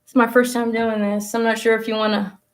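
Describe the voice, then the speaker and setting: This painting class host, a young adult woman, has a fairly high voice with little pitch movement and talks a little fast. Live-streaming a casual lesson through her laptop mic, she rambles chattily and self-talks as she paints.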